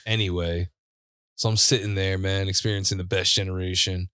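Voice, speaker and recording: Laid-back low-voiced man telling stories. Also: level tone, brisk, bright, forceful tone, smooth, dry recording, clean studio sound. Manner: laid-back, profane, laughs often while telling stories. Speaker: podcast host. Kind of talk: casual storytelling chat. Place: studio.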